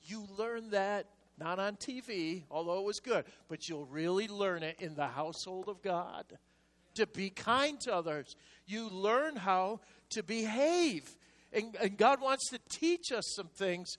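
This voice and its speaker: An older man preaching a sermon, telling stories in a hushed voice and then rising into loud exhortation. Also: sits high, a little slow. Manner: animated storytelling, swinging from hushed asides to loud exhortation. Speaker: pastor. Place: church sanctuary. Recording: long reverb of a large hall.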